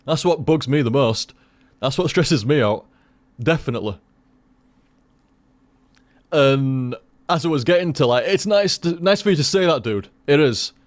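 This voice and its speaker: A man's voice: fairly high pitch, expressive, normal speed, long pauses. Rambling male streamer. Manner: rambling, swearing, many restarts. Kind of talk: casual stream chat.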